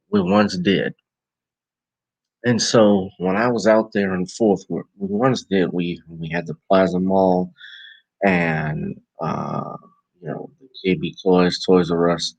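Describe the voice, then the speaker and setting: A man with a New Orleans accent talks slowly and loosely on a late live stream, tired and yawning, his voice low and gravelly. The sound is close and dry, with no room around it, and he rambles and corrects himself as he goes. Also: no echo, highs cut off. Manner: rambling, relaxed, self-correcting. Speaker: vlogger and podcast host. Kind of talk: casual live-stream talk.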